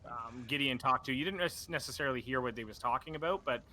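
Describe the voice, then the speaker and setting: Casting: male game master, bright tone, meandering narration full of fillers. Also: medium pitch, fast talker, a little hiss or hum. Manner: rambling, many fillers and restarts.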